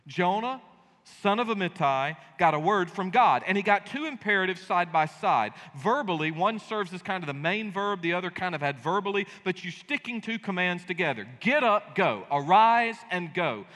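Bright-voiced pastor in a reverberant hall. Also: male voice, high voice, lively intonation, moderate pace. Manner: emphatic, folksy and joking. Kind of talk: sermon. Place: church sanctuary. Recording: long reverb of a large hall.

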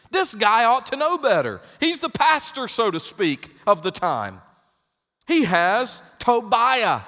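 A man preaching a sermon as pastor, acting out quoted voices. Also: a little high. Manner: animated, acts out quoted voices. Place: church sanctuary. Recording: reverberant church hall.

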